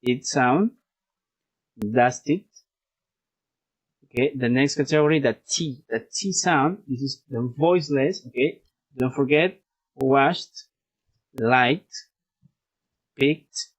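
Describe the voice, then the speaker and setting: Male English teacher, unhurried, repetitive drilling, mid-pitched, switches to Spanish. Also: rough recording. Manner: patient, repeats each word, switches into Spanish. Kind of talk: online class, drilling pronunciation.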